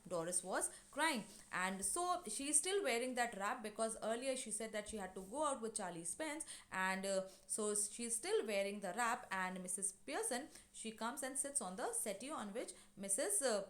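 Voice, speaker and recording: A woman's voice: on the high side, lively intonation, normal speed, few pauses, fairly bright tone. A woman teaching an English class, retelling a play scene with lots of fillers and acting out the lines. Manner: explanatory, many fillers, acts out lines. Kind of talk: classroom lesson explaining a play.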